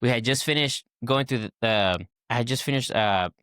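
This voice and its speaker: A man's voice: medium pitch, normal speed, fairly bright tone, clear, resonant tone, no echo, clean studio sound. A man in his twenties, a podcast guest, telling a casual story and acting out the people in it with many fillers and restarts.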